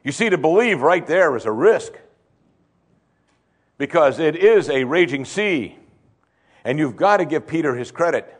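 A man preaching a sermon, swinging between loud emphasis and hushed tones and repeating phrases for effect. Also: fairly high pitch, lively intonation, unhurried, pauses often. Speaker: pastor.

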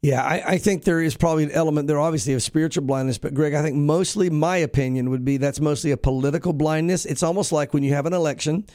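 A man's voice: fairly high pitch, quick pace, few pauses, darkish tone, no echo, studio quality. A pastor hosting a talk show, a man reading news and then commenting in an emphatic, preachy way with frequent restarts.

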